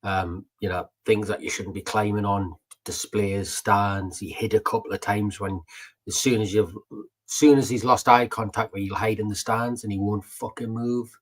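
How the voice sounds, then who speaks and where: A man chats casually as co-host of a podcast. His voice sits on the low side, and he rambles through stories with plenty of "um" and "you know", swearing now and then. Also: steady tone, moderate pace. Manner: chatty, swears, tells stories with many fillers. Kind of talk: casual chat.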